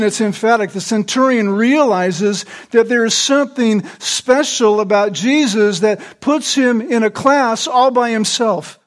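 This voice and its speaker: A man preaching an expository sermon, explaining verses word by word and often checking in with "right?" along with small restarts. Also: very high voice.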